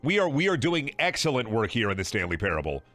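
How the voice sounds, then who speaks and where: A man's voice: medium pitch, sing-song, fast talker, pushed and bright, soft background music. A man streaming a video game, talking in a sarcastic, rambling, profane way with frequent laughing and repeated words. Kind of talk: casual game livestream commentary.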